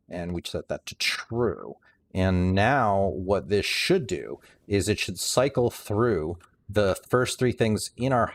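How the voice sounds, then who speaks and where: Low-voiced guy rambling thru his game build on stream, restarts a lot, dry sarcastic bits. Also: slight background noise. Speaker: livestreamer. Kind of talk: casual game commentary.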